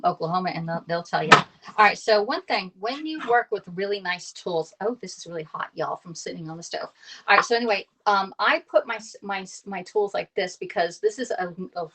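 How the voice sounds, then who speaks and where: A woman's voice: mid-range voice, brisk, fairly bright tone. A woman in her thirties from Pennsylvania chatting casually with viewers while cooking on a live stream, laughing often and greeting people by name. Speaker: cooking live-streamer and kitchen tools consultant.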